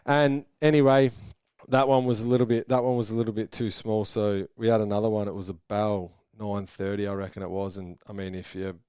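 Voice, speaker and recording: A low, smooth Australian man in his thirties rambles through his stories in a casual interview. He acts out what people said, and the recording is dry and close. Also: flat delivery, a little fast, a little mellow, no room sound. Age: 30s. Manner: rambling storytelling with voiced quotes. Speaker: guest, track builder.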